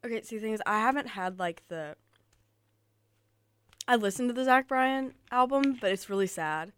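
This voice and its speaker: A woman's voice: on the high side, lively intonation, normal speed, fairly bright tone, clear, resonant tone, no echo. A young adult woman co-hosting a casual podcast, laid-back and teasing in her replies. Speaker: podcast co-host. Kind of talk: casual chat.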